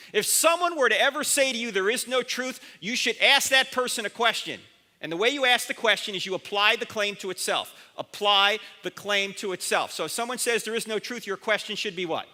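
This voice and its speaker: A man's voice: high voice, bright, forceful tone. A man giving a university chapel talk, emphatic, quizzing his listeners and acting out the lines of people who argue with him. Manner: emphatic, quizzes the audience, acts out objectors' lines. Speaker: guest chapel speaker. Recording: long hall reverb.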